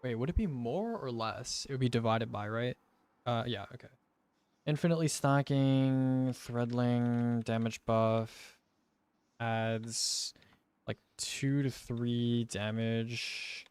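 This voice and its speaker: A young male streamer with a gravelly, creaky edge that still comes through smooth and clean. He talks slowly and loosely, thinking out loud over numbers and dropping the odd swear word. The sound is dry and close, with no room around it. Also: mid-range voice, fairly even intonation, no room sound. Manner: thinks aloud, swears casually, mutters through sums. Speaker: gaming streamer. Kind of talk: casual game commentary while testing.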